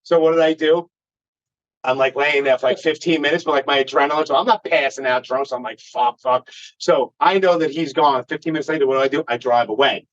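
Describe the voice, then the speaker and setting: A man's voice: medium pitch, brisk, fairly bright tone. A man, a podcast guest swearing freely as he tells a rambling story in casual conversation. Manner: profane, rambling anecdote-telling. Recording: dull lo-fi recording.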